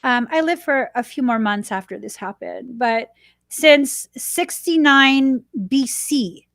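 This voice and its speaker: A woman podcast host telling a personal story in an animated, chatty way, laughing now and then. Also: high voice, slow pace, no echo, clean studio sound.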